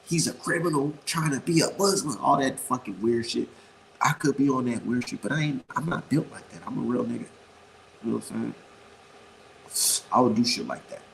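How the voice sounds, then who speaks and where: A man's voice: medium pitch, moderate pace, creaky, a little hiss or hum, low-quality recording. A man giving casual boxing opinions in a blunt, profane, rambling way, repeating his points for emphasis. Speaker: boxing commentator.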